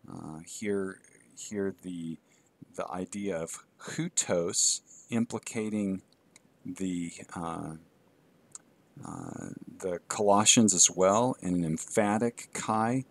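In a recorded Greek course lecture, a low-voiced male instructor reads Greek aloud and then translates it. His delivery is measured and halting, with filler words.

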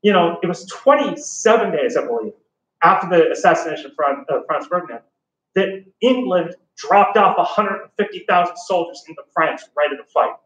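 High-voiced chatty teacher in an echoey room. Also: male voice, expressive, brisk, fairly bright tone, recorded from a distance, highs cut off. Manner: chatty and enthusiastic, joking, many fillers. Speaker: history teacher. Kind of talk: casual classroom lecture.

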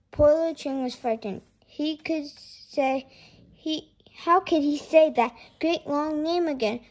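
High-voiced woman reading a children's story. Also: takes it slowly. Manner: expressive, lilting. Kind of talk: children's storybook read-aloud.

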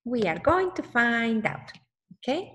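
A woman's voice: a little high, sing-song, unhurried, a bit bright, slight background noise. A woman reading a picture book aloud to children, exclaiming often and stopping to ask the listener questions.

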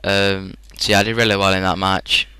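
A teenage man with a British English accent rambles through a casual gaming commentary. His slightly low voice sounds bright and clean. The recording is dry and close, with no room echo. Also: level tone, a little fast, clear, resonant tone. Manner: rambling, chatty, frequent fillers and laughs. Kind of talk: casual storytelling over gameplay.

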